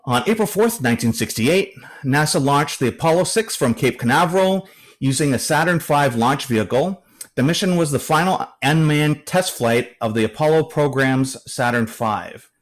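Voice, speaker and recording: A man's voice: a little high, animated, normal speed. A man presenting at an astronomy club meeting, reading through notes with frequent fillers and a few dry joking asides. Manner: hesitant, many fillers.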